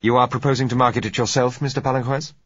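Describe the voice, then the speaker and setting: A man's voice: medium pitch, fairly even intonation, quick pace, a bit bright, breathy edge, no echo, pitched above the performer's own voice. A man reading as a wary company director. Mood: guarded. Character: wary middle-aged male company director. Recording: dull lo-fi recording.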